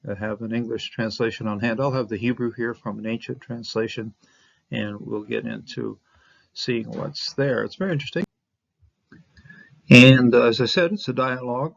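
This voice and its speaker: Gravelly, husky man teaching biblical Hebrew. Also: mid-range voice. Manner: halting, thinks aloud with many fillers and chuckles. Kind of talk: casual verse-by-verse language lesson. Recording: dull lo-fi recording.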